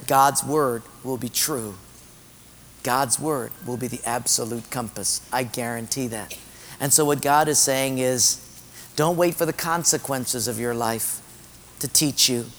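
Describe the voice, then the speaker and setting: A man's voice: mid-range voice, a bit bright, in a large hall, slight background noise. A man preaching a sermon to his congregation as pastor, emphatic and repeating his key phrases.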